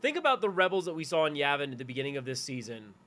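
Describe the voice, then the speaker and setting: A man's voice: on the high side, sing-song, racing, sharp tone. A man co-hosting a podcast in casual chat, rambling with many "like"s and restarts. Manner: loose, rambling, with frequent "like" and restarts. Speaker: podcast co-host.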